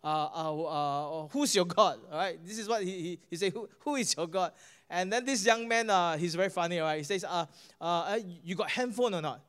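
A man's voice: sits high, clean tone. A male pastor with a Singaporean English accent, preaching a sermon and telling a healing story, often asking the crowd "guess what?" and stumbling over repeated words. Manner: animated preaching, asks the crowd "guess what?" and "all right?"; halting restarts and repeated words.

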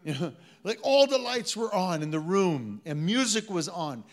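A man's voice: high-pitched, very animated, moderate pace. A man preaching a sermon to a live congregation, telling stories in a conversational way and calling on the audience to respond. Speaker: pastor.

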